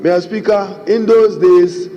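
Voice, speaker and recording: A middle-aged man speaking as a member of parliament, delivering a formal, oratorical debate speech with a fairly high, mellow voice. His words ring out with a long reverb from a large chamber. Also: steady tone, unhurried, highs cut off, a little hiss or hum. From Ghana. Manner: oratorical, repeatedly addressing the Speaker.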